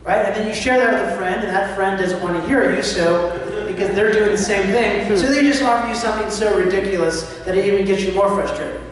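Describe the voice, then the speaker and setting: A man with a high-sitting voice and a fairly quick pace gives an impassioned spiritual talk, a sermon, at times acting out anxious inner voices. He's picked up by a distant mic in a large, reverberant church hall, with faint background noise.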